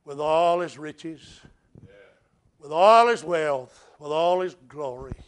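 Male preacher, high voice, storytelling sermon that drops to a hush and climbs to loud appeals. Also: expressive, takes it slowly, clear, resonant tone. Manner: dramatic swings from hushed to loud.

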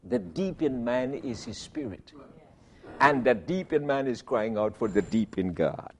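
A man preaching a sermon, emphatic, asking rhetorical questions and swinging between loud and soft. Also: medium pitch, expressive, measured pace, gravelly.

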